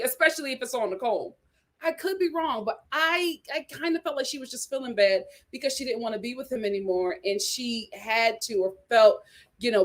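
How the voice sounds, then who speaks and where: A woman hosting a reality TV recap, talking in a lively, gossipy way with sudden exclamations and laughter. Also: on the high side. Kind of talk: casual recap chat.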